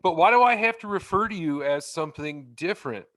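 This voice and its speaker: A man's voice: a little high, expressive, fairly quick, fairly bright tone. A man co-hosting a podcast, blunt and opinionated, often stammering as he restarts. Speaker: podcast co-host. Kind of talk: casual chat.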